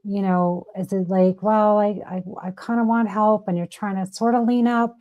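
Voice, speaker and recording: A woman's voice: mid-range voice, fairly even intonation, normal speed, warm tone, dull audio. A woman hosting an interview in a chatty, playful way. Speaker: radio host. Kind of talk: casual interview.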